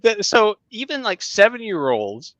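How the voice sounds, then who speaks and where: A middle-aged man, a writing teacher, telling a story in casual conversation, halting with many fillers and restarts. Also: sits high, big pitch swings, fairly bright tone, dry recording, dull audio. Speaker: guest, creative writing teacher.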